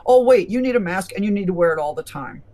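A self-contradicting male health official, changing his advice again and again, as a man mimics him, in a fairly high voice. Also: animated, fast talker, mellow. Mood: mocking. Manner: contradicting himself.

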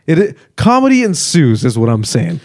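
A man co-hosting a casual movie talk show, animated and laughing often. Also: fairly high pitch, moderate pace. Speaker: movie podcast co-host. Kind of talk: casual chat.

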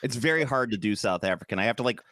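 Lively podcast man, dry close sound. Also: mid-range voice, rapid-fire, no echo. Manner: animated, laughs often, rambling asides. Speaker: podcast co-host. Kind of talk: casual chat.

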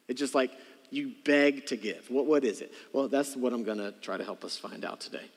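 A man preaching a sermon as pastor, animated, acting out voices and calling for responses from the congregation. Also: medium pitch, a little fast, breathy edge, big-room sound. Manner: animated, acts out voices, calls for audience response. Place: church sanctuary.

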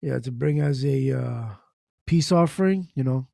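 A man co-hosting a loose podcast chat, his voice gravelly and mellow with a slightly raised pitch. He talks in a relaxed, easygoing way, and the sound is dry and close. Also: moderate pace, no echo. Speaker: co-host.

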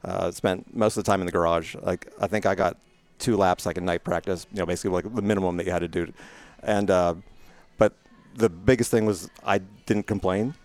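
A middle-aged man with a lowish voice tells stories as an interview guest. He rambles in a relaxed way, full of fillers and restarts, and laughs easily at himself. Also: a little fast. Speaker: guest, retired racing driver. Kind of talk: casual storytelling interview.

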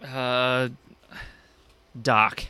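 A man co-hosting a podcast who speaks slowly, with a bright, forceful tone. He mostly adds short, dry remarks to the chat. The sound is dry and close, with no room echo. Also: mid-range voice, level tone, clean tone. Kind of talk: casual chat.

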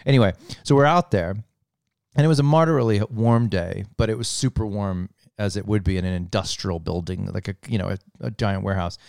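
A middle-aged man, chatting casually and telling an animated story, swearing freely and laughing as he goes. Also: on the low side, a little fast, vocal fry, clear, resonant tone, no echo, clean studio sound. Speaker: podcast co-host telling a story. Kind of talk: casual chat.

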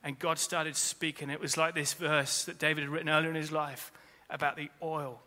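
Guy pastor preaching, pretty high voice, big echoey church hall. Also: little pitch movement, moderate pace, bright, forceful tone. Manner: earnest preaching with repeated phrases. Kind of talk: sermon. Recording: long reverb of a large hall.

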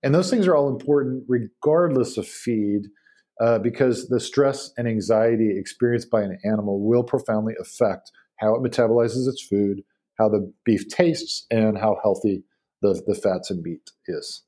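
A man talks casually as a podcast guest and slips easily into animated anecdotes. His voice sits low and warm, with a slightly husky edge. He speaks in loose runs broken by fillers and restarts. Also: moderate pace. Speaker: guest expert on beef.

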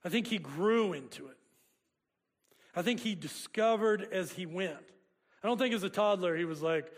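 A man's voice: high-pitched, lively intonation, moderate pace, long pauses. A man preaching a sermon, joking and chatting with the congregation in a conversational way. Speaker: pastor. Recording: long hall reverb.

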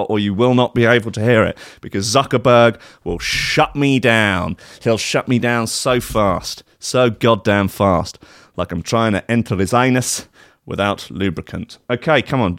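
A man's voice: on the low side, fairly bright tone, dry recording, studio quality. A man hosting a streamed comedy show, ranting sarcastically and swearing in exasperation. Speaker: host.

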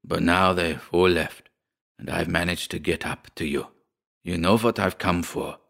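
Guy putting on a gruff old dad, low growly voice, impatient and threatening, storybook reading. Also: sing-song, unhurried, fairly bright tone, heavily acted. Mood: menacing. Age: older. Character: menacing desperate old father demanding money.

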